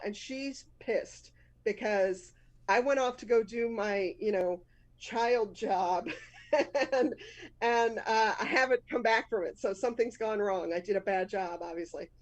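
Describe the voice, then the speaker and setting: A woman's voice: on the high side, measured pace, muffled recording. A woman in her fifties with a Boston accent, hosting a live storytelling show, telling a personal story candidly and laughing often at herself.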